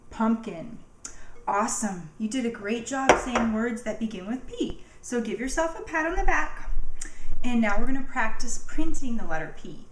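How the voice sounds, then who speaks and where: A woman teacher giving a cheerful, encouraging alphabet lesson to young children, sounding words out slowly. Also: on the high side, a little hiss or hum. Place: home. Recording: echoey room.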